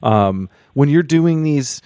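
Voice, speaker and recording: A man's voice: fairly high pitch, animated, slow pace, dark tone, no echo, studio quality. A man hosting a podcast, asking rambling, self-correcting questions in a casual chat. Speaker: podcast host.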